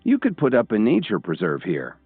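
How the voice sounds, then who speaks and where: A man voicing a modest young hero who speaks calmly and plays down his own feats. The deep voice is lively in pitch and sounds tinny, like a phone line, with faint music underneath. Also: a little fast, slightly rough, dry recording, heavily acted. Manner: modest, level-headed. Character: modest young man, calm and quietly confident.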